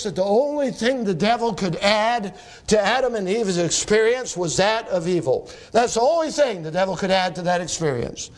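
A man pastor preaching a sermon to his church, quoting scripture and building to emphatic peaks. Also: sits high.

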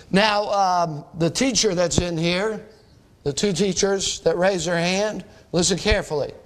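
Guy preaching to a crowd, fairly high voice, punchy, keeps asking the room stuff. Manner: emphatic, asks the crowd questions, repeats phrases. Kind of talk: sermon to students. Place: church or school hall before a live audience.

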